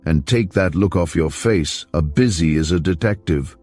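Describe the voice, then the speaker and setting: A man's voice: low-pitched, moderate pace, darkish tone, soft background music. A man voicing a cold, sneering young swindler in an audiobook reading. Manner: sneering, rough. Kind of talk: audiobook character voice.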